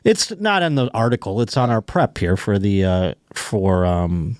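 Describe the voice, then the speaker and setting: This is a man hosting a comedy podcast, reading stories aloud and joking through them. His voice swings widely in pitch and sounds dry and close to the microphone. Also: a little slow, dry recording. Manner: joking, laughing, lively reading of news stories. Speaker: podcast host. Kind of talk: casual comedic chat.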